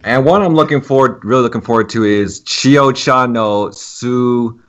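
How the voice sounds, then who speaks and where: A man's voice: medium pitch, moderate pace, muffled recording. A man chatting casually on a podcast, hesitant and trailing off with fillers. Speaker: podcast guest.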